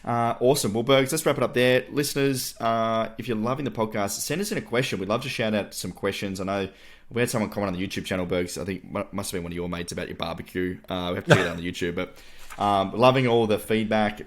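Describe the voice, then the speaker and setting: An Australian man from Tasmania co-hosting a podcast, chatting in a quick, upbeat way. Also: on the low side. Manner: fast, upbeat banter with mates. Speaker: podcast co-host. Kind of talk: casual podcast chat.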